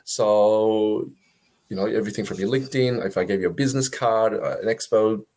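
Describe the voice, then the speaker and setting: A man's voice: on the low side, brisk, a little mellow. An Australian man talking as an interview guest, chatty and joking, full of fillers and restarts. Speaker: guest, web agency founder. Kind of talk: casual interview talk.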